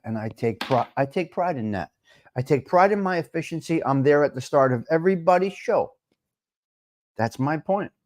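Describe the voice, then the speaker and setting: A man's voice: mid-range voice, a little mellow. A man hosting a casual live-stream talk show, chatting loosely, rambling in asides and greeting viewers by name. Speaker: livestream talk show host.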